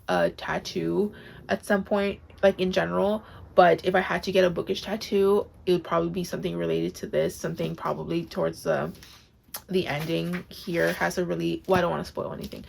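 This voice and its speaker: Gushing woman with a gravelly low voice. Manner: gushing, enthusiastic, emotional, many "like" fillers. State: tearful, close to crying. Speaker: book vlogger. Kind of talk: casual book review to camera. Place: home, on camera.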